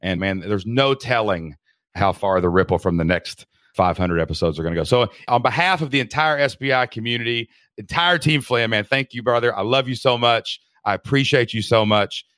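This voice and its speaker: Heartfelt man, low voice, calling everyone dude. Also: fairly quick, fairly bright tone, no echo, studio quality. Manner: emotional, heartfelt, says "man" and "dude" a lot. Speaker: podcast guest. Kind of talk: casual interview chat.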